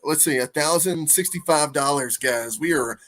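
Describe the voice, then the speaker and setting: A man hosting a casual livestream on a video call, telling stories with lively energy and swearing freely. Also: on the high side, moderate pace. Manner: animated storyteller, swears freely. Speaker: host.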